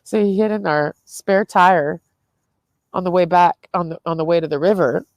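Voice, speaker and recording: A young woman with a low, deep-set voice chats loosely to camera, tired and nursing a headache. She swears freely and breaks into laughter between her sentences. The sound is close and dry, with no room around it. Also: steady tone, moderate pace, a little mellow, no room sound. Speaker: vlogger. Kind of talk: casual rambling vlog.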